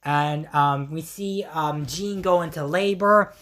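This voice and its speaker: A woman reviewer gushes through a casual episode recap, full of fillers and slang. Her voice sits fairly low and sounds strained from yelling. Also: takes it slowly. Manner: excitable, many fillers and slang.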